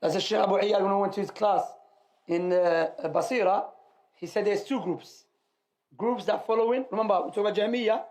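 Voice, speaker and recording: A man's voice: high voice, brisk, darkish tone. A male teacher commenting on a reading in an emphatic, repetitive way, firing off rhetorical questions. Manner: emphatic, repeats points, asks rhetorical questions. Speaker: teacher leading a religious class.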